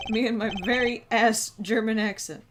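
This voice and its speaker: A woman's voice: on the high side, background noise. Laid-back woman streamer, self-mocking. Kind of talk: casual gameplay commentary. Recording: loud game music behind.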